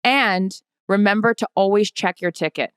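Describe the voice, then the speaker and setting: Woman podcast co-host, chatty and lively storyteller, swears casually, mid pitch, dry close mic. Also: moderate pace, clean tone, no echo. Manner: lively, swearing, acts out quotes in anecdotes.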